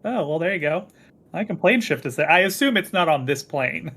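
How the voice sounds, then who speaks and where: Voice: mid-range voice, expressive, fairly quick, a bit bright, slightly rough. A player at a tabletop game chatting casually, with dry, sarcastic remarks.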